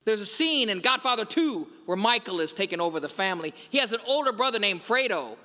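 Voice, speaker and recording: Speaking very animatedly and quickly, a priest retells movie scenes, lines and all, in his Sunday homily. The voice is high and bright, echoing with long reverb around a big church.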